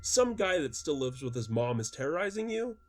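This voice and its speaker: A man voicing a brash, scoffing young male friend in a story, crude and loud. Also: a little high, big pitch swings, normal speed, pitched above the performer's own voice. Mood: mocking.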